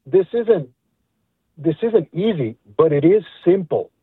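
A man's voice: fairly high pitch, animated, measured pace, slightly rough, no room sound. A middle-aged man calling in to a radio show, speaking earnestly and reflectively and repeating words as he thinks. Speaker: caller. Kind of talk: phone call to a radio show. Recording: tinny phone line.

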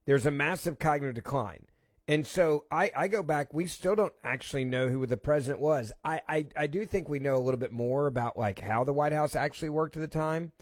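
A man's voice: a little high, fairly quick, no echo, clean studio sound. A man hosting a talk radio show, reading out a report and then ranting with emphatic, repeated phrases before taking calls. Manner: indignant, emphatic, repeats himself.

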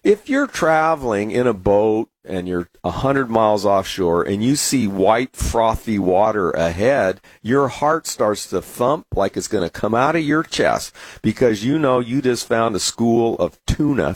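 A man's voice: fairly low pitch, lively intonation, a little slow, no room sound. Rambling American man telling stories. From San Diego, USA. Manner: rambling, anecdotal storyteller with many fillers. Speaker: market commentator. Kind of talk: casual talk to camera.

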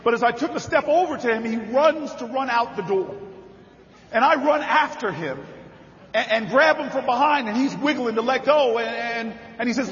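A man giving a campaign speech at a party convention, telling stories and building to rousing shouted refrains. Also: very high-pitched, brisk. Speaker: political speaker at a party convention. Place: large convention hall. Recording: reverberant hall, muffled sound.

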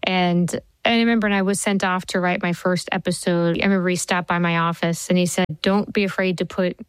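A woman in her forties, a TV writer being interviewed, telling stories in a lively way and laughing easily. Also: lowish voice, fairly quick, clear, resonant tone, dry recording, rough recording. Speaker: TV writer and showrunner, interview guest. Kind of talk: conversational interview answers.

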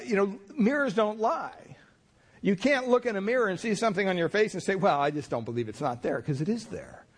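A male pastor preaching a sermon, telling stories in a folksy, rambling way. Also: a little high. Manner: folksy storytelling with fillers.

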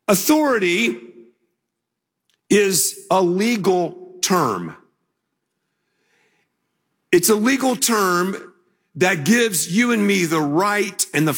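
An older man preaching a sermon as pastor, telling a story in a relaxed conversational way before building to emphatic declarations. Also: high-pitched, slightly rough, long reverb tail.

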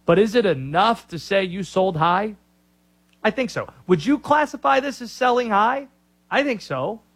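A man's voice: sits high, animated, normal speed, fairly bright tone. A man hosting a sports talk radio show, opinionated and joking.

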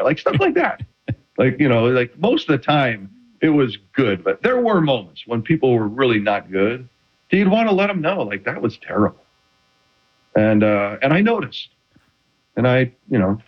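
Middle-aged ex-athlete guest, expressive pitch, dull lo-fi sound. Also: male voice, moderate pace. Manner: animated storytelling with many restarts. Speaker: retired quarterback guest. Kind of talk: casual interview chat. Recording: dull lo-fi audio.

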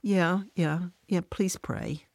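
A woman voicing a defensive, tearful working mother who sounds upset and self-pitying, speaking higher and louder than her narration. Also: lively intonation, takes it slowly, vocal fry, no echo, heavily acted. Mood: contrite.

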